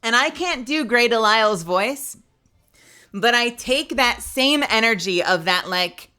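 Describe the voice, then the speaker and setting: A woman's voice: medium pitch, expressive, measured pace, sharp tone, smooth. A tired woman streamer chatting casually with viewers. She rambles and giggles, often stopping and restarting her sentences.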